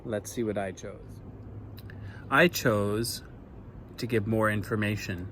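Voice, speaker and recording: A man's voice: lowish voice, steady tone, slow, a bit bright, slight background noise. A male teacher giving a recorded lesson to young children, speaking patiently with many ums and uhs and a bit of self-deprecating humor.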